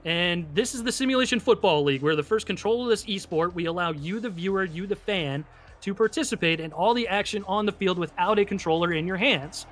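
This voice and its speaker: A man with a high, bright voice calls a football game play by play. He gets excitable and jumps up on tipped passes. There is faint background hiss under him. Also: brisk. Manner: excitable, rises sharply on big plays. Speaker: play-by-play announcer. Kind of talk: live esports football commentary.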